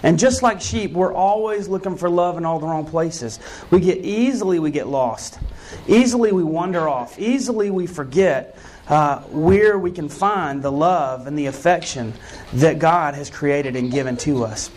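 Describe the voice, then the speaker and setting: A man's voice: on the high side, normal speed, darkish tone. A man preaching a sermon as a pastor, telling stories in a conversational way with earnest emphasis.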